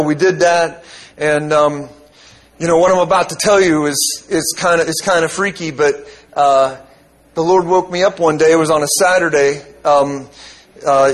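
High-voiced storytelling preacher man. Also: rough recording. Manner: casual storytelling with many fillers, rising to shouts. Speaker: guest preacher. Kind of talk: sermon storytelling. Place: church sanctuary.

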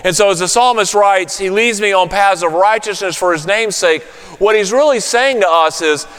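A man preaching a sermon, telling a story, then softening to a hushed, soothing voice. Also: high voice, moderate pace, clear, resonant tone, big-room sound. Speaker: pastor.

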